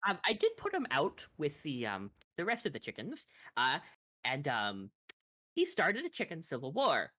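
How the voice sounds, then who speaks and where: Woman DM, animated storyteller, lively bright voice, dry close sound. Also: low-pitched, normal speed, no room sound. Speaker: dungeon master. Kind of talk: narrating a tabletop game.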